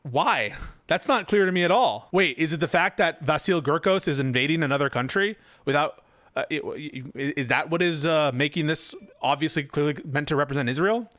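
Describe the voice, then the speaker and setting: A man's voice: a little high, moderate pace, a bit bright, no echo, studio quality. A male commentator giving reaction commentary, rebutting a written post point by point with incredulous, sarcastic remarks. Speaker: political commentator.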